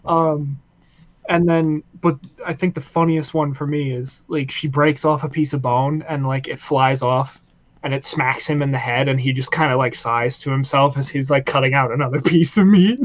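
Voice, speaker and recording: A man co-hosting a casual podcast chat, retelling scenes with laughs and lively energy. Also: mid-range voice, moderate pace, rough recording. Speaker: podcast co-host.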